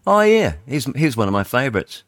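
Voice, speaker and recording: A man, hosting talk radio in a chatty, rambling way, reading headlines aloud and thinking out loud. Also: mid-range voice, very animated, a little fast, no room sound, studio quality. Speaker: radio host. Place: radio studio.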